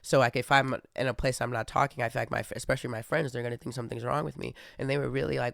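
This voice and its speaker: A man's voice: medium pitch, flat delivery, quick pace, gravelly, hardly any pauses, fairly bright tone, dry recording, studio quality. A young man hosting a casual monologue, rambling with many fillers and restarts. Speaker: podcast host.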